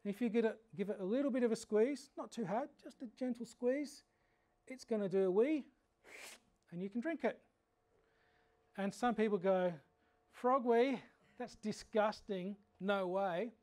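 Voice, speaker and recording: An Australian man teaching a frog identification workshop in a fairly high voice. He tells humorous, animated stories between his explanations of frog habits. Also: moderate pace, pauses often. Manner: animated anecdotal storytelling. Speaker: frog educator. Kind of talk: workshop lecture.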